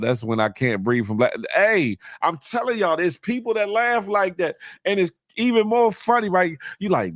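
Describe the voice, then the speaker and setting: A man from Washington, D.C. hosting a casual morning livestream, animated and chuckling as he greets viewers by name. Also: fairly high pitch, unhurried, few pauses, no room sound, studio quality. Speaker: host of a morning live show.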